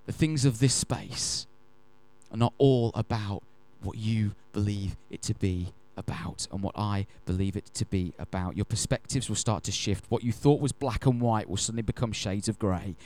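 A man preaching a sermon. He tells stories in an animated, emphatic way and slows down to stress key phrases. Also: lowish voice. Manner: animated, emphatic storyteller who acts out quotes. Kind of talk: sermon with storytelling.

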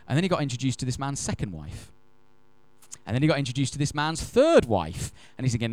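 A man preaching a sermon. He tells stories in an animated, emphatic way and slows down to stress key phrases. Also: mid-range voice, dry recording. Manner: animated, emphatic storyteller who acts out quotes. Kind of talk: sermon with storytelling.

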